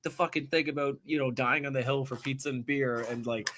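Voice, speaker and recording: A man's voice: medium pitch, fairly even intonation, brisk, fairly bright tone, a little hiss or hum. A man rambling through a joking self-introduction, self-deprecating and sweary, full of filler asides. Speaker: person in an archived video clip.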